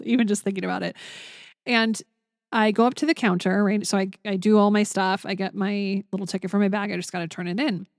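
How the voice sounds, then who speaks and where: A young adult woman hosting a spiritual podcast, talking gently and earnestly with lots of fillers as she tells stories. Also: medium pitch, no room sound, studio quality. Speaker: podcast host. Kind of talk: casual spiritual podcast monologue.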